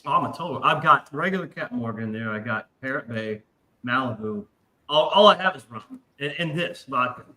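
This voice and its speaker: A man's voice: medium pitch, expressive, fairly quick, sharp tone, a little hiss or hum, rough recording. Rambling, profane man telling stories. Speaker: podcast host. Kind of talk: casual chat.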